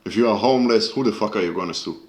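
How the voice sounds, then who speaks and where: Deep-voiced man ranting angrily, echoey room. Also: rapid-fire. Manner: angry, profane, searching for words. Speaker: video creator. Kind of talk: casual rant to camera.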